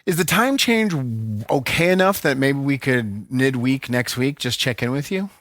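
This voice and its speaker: A man's voice: mid-range voice, normal speed, fairly bright tone, dry recording, clean studio sound. A man co-hosting a podcast in casual chat, teasing and joking with his partner. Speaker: podcast co-host.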